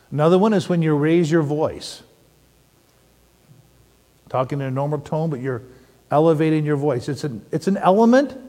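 A middle-aged man preaching a sermon, telling stories and asking the audience questions in an animated way. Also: on the high side. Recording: long hall reverb.

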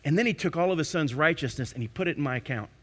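Bright-voiced impassioned male preacher. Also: on the high side, animated, very fast. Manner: impassioned preaching, swinging from hushed to loud. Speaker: pastor. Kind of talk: sermon.

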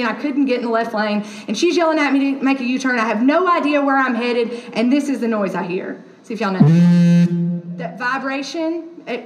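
A woman's voice: high-pitched, roomy sound. A woman pastor giving a conversational sermon, telling everyday stories with many fillers. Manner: chatty storytelling with many fillers.

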